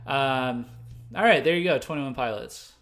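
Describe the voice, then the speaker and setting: Man, from the US, livestream host, casual off-the-cuff talk, many fillers, mid-range pitch. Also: moderate pace, fairly bright tone. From United States. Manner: rambling, full of fillers and self-corrections; laughs at his own mistakes. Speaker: host of a music news livestream. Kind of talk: unscripted livestream commentary.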